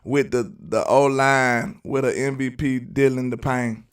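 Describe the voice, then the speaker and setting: A man's voice: mid-range voice, fairly even intonation, unhurried, smooth, recorded from a distance. A man with a Southern US accent hosting live sports commentary, arguing emphatically and repeating his points. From Alabama, US. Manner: argumentative and emphatic, repeats phrases. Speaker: sports channel host.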